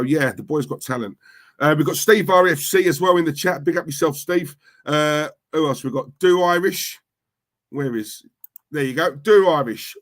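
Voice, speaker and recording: Male live stream host, slightly high voice, chatty and upbeat with shout-outs. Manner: chatty, shouting out viewers by name. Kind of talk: casual live stream chat.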